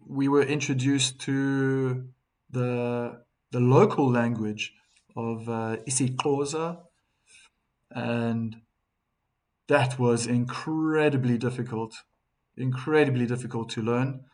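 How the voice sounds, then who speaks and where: A man's voice: mid-range voice, fairly even intonation, slow pace. A man from Africa, hosting a live tennis stream and chatting casually with viewers, reading their comments aloud with frequent restarts. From South Africa.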